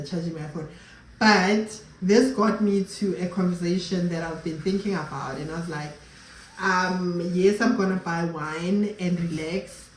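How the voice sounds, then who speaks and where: Speaking in a lowish, slightly mellow voice, a young South African vlogger chats easily with her audience, her South African-accented English sprinkled with bits of Sesotho. There's a roomy feel to the audio and a faint hum of background noise.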